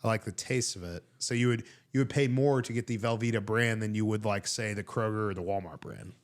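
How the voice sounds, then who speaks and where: A man co-hosting a comedy podcast, telling rambling, animated stories in casual chat with lots of fillers. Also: lowish voice, fairly quick. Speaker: podcast co-host.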